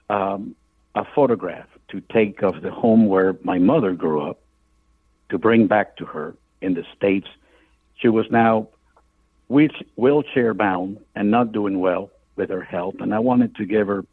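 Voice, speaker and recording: A man's voice: lowish voice, no room sound. An older man from Cuba, an author guest, telling a vivid story in a radio interview. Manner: vivid storyteller, acts out voices in his quotes. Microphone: phone. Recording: tinny phone line.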